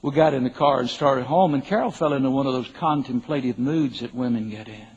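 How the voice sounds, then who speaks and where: A man's voice: medium pitch, a little fast, a little mellow, breathy edge. An older man preaching a sermon, telling a joking personal story in an emphatic, folksy way. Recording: dull lo-fi recording.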